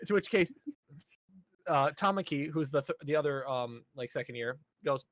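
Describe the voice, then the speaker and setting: Guy recapping an anime ep, kinda high voice, dry close sound, does all the characters, swears a lot. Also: brisk, no room sound. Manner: animated, acts out characters' lines, swears freely. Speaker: podcast co-host. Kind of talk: casual chat, recapping an anime episode.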